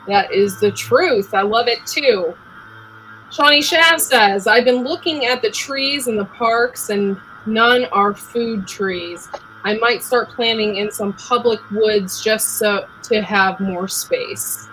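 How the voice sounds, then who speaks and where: A woman's voice: mid-range voice, slow, a bit bright, a little hiss or hum, rough recording. A woman hosting a casual live chat, talking chattily and laughing often. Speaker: host.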